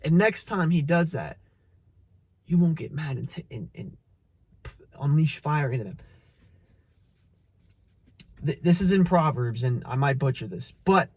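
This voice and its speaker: A motivational vlogger delivers a blunt, profane, casual monologue, preaching at the listener while repeating phrases and stumbling as he restarts sentences. His voice is fairly high and husky, animated and a little slow, with long pauses and no room sound.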